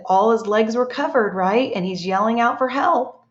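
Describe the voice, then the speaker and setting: In an echoey room with dull sound, a woman teacher with a fairly high voice works through a reading lesson with young children at a moderate pace, praising and encouraging them often.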